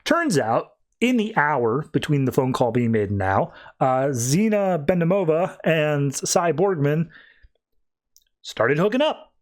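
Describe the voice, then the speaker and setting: A man's voice: fairly high pitch, big pitch swings, a little slow. A man hosting a comics podcast, recapping and reviewing issues in a loose, rambling casual chat, full of "like"s and restarts. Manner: paraphrases characters in his own voice, without doing accents.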